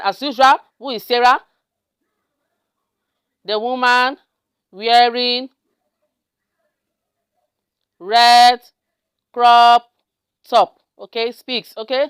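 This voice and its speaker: A woman's voice: a little high, a bit bright, clean tone, no echo, clean studio sound. A woman hosting a step-by-step screen tutorial, often checking in with her viewers. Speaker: tutorial host. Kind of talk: screen-recorded software tutorial.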